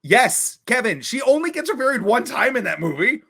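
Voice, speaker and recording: A young man from Long Island, co-hosting a podcast and telling stories in a casual, animated way, acting out his friends' lines. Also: fairly quick, vocal fry, slightly rough. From Long Island, New York. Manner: animated, acts out friends' voices with big jumps in pitch. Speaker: podcast co-host. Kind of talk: casual storytelling chat. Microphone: remote podcast call.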